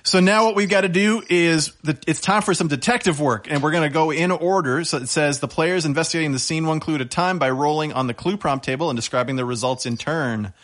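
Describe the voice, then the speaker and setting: A man's voice: on the high side, fairly quick, hardly any pauses, fairly bright tone. A man in casual tabletop role-play chat who leads the game, reads the rules aloud and jokes in character. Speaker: game organizer.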